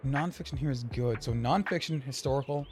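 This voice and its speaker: A man's voice: mid-range voice, a little fast, noisy background. A young man casually commentating a game on stream, chatty and rambling, with game music behind.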